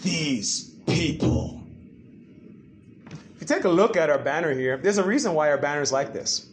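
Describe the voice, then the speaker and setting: A man preaching a sermon to a church congregation, animated and full of rhetorical questions. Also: a little high, quick pace, slight background noise. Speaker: pastor.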